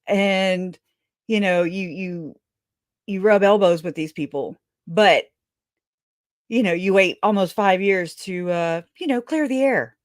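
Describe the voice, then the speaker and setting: A woman hosting a livestream, angry and profane, with halting restarts and frequent laughs. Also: medium pitch, no echo, studio quality. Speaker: livestream host.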